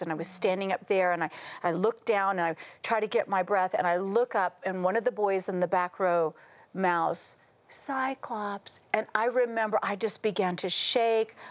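A middle-aged American woman, a talk show guest, telling stories with lively quoted voices and frequent laughter. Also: mid-range voice. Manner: animated, acts out quotes, laughs often. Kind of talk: casual talk show storytelling.

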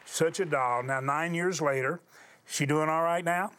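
A man's voice: fairly high pitch, unhurried, fairly bright tone. Enthusiastic older man hosting a talk show. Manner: folksy, enthusiastic storytelling. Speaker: TV host.

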